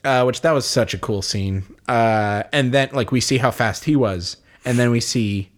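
A man's voice: mid-range voice, normal speed. A man co-hosting a casual chat, eager, laughing often and swearing. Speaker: podcast co-host.

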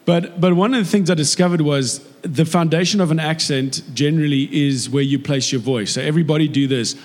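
A man preaching a sermon in a chatty, jokey, animated way. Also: a little high, brisk. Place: church hall. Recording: echoey hall with long reverb.

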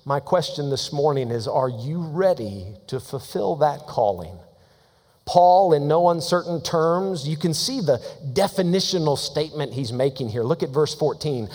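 A man preaching a sermon as pastor, emphatic and lively, slowing down to read scripture aloud. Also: a little high. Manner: animated, laughing storytelling. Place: church sanctuary. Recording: long church hall reverb.

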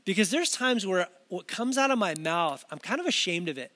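A male pastor with a noticeably high voice, preaching to a camera in a conversational, earnest way. He often restarts his sentences and slips in casual asides. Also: expressive, normal speed, a bit bright. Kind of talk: sermon delivered to a camera.

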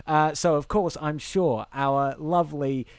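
Excitable podcast host with a dry sound. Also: male voice, fairly high pitch, unhurried, clear, resonant tone, no room sound. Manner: excitable, swears often, laughs a lot. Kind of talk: casual comedic chat.

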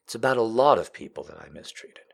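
Man, low voice, very lively pitch, profane, teasing, whispers then shouts, podcast host. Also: fast, creaky, slightly rough. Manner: swings from hushed whispers to loud crude joking. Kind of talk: casual storytelling to a live chat.

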